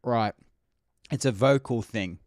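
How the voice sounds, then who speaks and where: A man streams live, reacting to memes in loose, rambling chat. He fills his talk with "like" and restarts. His voice is mid-pitched and the sound is dry and close. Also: slow, darkish tone, no echo. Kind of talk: casual chat.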